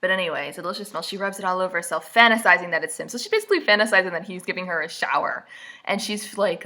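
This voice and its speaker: Sarcastic young woman with a bright voice. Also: on the low side, very fast. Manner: sarcastic, mocking asides. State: stuffy from allergies. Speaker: vlogger. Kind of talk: casual book recap. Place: indoors, seated at a camera.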